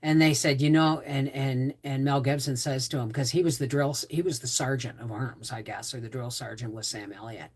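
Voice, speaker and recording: A woman's voice: rumbling low, fairly even intonation, brisk, few pauses, darkish tone, slightly rough. A woman hosting a casual livestream, rambling with frequent restarts and asides. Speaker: homestead channel host.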